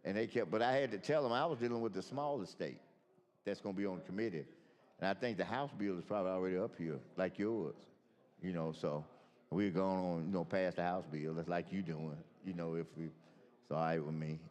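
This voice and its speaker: A man with a drawl talks off the cuff at a floor mic, folksy and rambling, doubling back on himself. His voice sits a touch low and rings with a long reverb through a large legislative chamber. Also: brisk, darkish tone. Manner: loose, folksy, rambling with many restarts. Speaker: state senator. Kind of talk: informal remarks on the chamber floor. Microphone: floor microphone.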